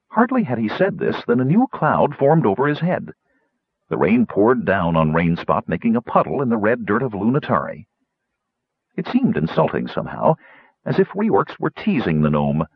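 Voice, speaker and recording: A man narrating a fantasy story in an expressive reading voice. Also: on the low side, normal speed, slightly rough, no room sound. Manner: expressive, voicing many characters. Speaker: audiobook narrator. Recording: dull lo-fi audiobook recording.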